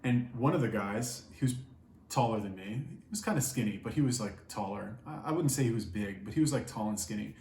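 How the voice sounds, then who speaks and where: A man's voice: on the low side, expressive, a little fast, a little mellow. A young man telling a story casually, rambling and swearing a lot, with many fillers. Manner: profane, rambling, filler-heavy. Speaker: vlogger. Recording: echoey room, faint background noise.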